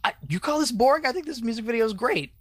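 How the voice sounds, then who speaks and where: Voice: medium pitch, animated, fast, dry recording. Sarcastic, swearing podcast co-host, dry sound. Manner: loose, sarcastic, swears casually. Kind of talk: casual chat recapping a cartoon.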